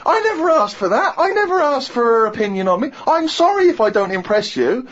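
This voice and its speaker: A man's voice: extremely high pitch, brisk, few pauses. A man in his thirties, co-hosting a radio show and telling a funny story, acting out other people's lines and laughing as he talks. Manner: animated anecdote-telling, acts out others' lines, laughs mid-sentence. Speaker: radio co-host. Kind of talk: casual radio chat, storytelling. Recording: slightly muffled radio recording.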